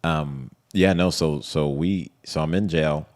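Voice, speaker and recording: A man's voice: very deep voice, measured pace. A man in a casual interview, telling his story animatedly and acting out what others said. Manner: animated, retells scenes with quoted voices. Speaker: interview guest.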